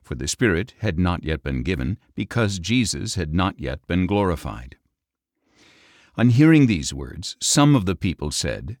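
A man narrating scripture in a steady, solemn reading. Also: deep voice, unhurried, no room sound, studio quality. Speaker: scripture reader.

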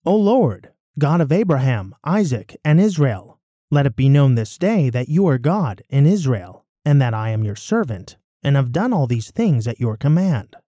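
A man's voice: medium pitch, big pitch swings, moderate pace, mellow, no echo, clean studio sound. A man voicing a bold, commanding male prophet in a scripture reading, declaiming with fervent, rising cries. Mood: fervent prayer.

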